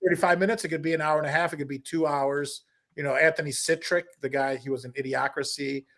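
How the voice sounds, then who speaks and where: A man, a comedian guest on a podcast, telling stories in a lively, casual way and breaking into impressions. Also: a little high, quick pace. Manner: animated storyteller, slips into impressions. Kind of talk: casual interview storytelling.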